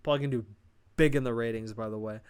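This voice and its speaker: A man's voice: medium pitch, steady tone, very fast, darkish tone, smooth. A young man casually reviewing a wrestling show, swearing often and rambling through a recap. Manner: profane, rambling, laughs at own retelling.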